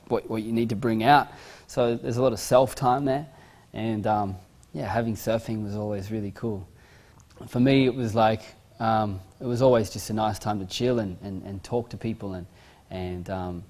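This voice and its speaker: A man's voice: fairly low pitch, a little mellow. Laid-back young Australian man. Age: young adult. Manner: laid-back, rambling, many fillers and repeated words. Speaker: musician and surfer. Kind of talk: casual personal talk to camera.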